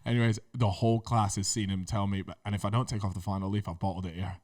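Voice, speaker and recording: A Scottish man in his twenties, co-hosting a casual podcast. His voice sits on the low side, and he tells school stories with lively energy, swearing freely. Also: fast. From Scotland. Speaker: podcast co-host. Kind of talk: casual chat.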